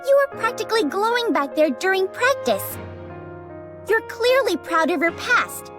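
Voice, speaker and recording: A fiery young woman manager insists and scolds in a very high, lively voice. She talks bossy and indignant, never backing down. Game music plays clearly under her lines. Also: measured pace, full character voice. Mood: determined. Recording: game dialogue over music.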